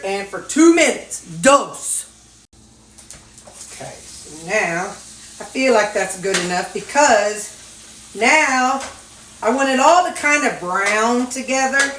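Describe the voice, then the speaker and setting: Chatting with her viewers and dogs as she cooks, this Missouri vlogger keeps things folksy and relaxed in her home kitchen. Her voice is on the high side. The room echoes, a skillet sizzles, and the background is noisy.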